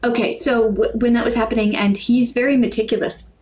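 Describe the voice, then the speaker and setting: Casting: American woman, language vlogger, Canadian-tinged vowels, casual rambling delivery, self-corrections, quirky pitch leaps. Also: steady tone, fairly quick, darkish tone, poor audio. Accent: American, with Canadian-sounding vowels. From New York and Pennsylvania, USA. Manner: quirky, shifting intonation. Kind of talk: casual talking-to-camera vlog.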